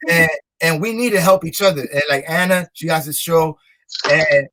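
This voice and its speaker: Emphatic high-voiced rapper. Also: male voice, normal speed, background noise. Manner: emphatic, repetitive, motivational. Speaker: rapper and guest. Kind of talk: casual interview talk.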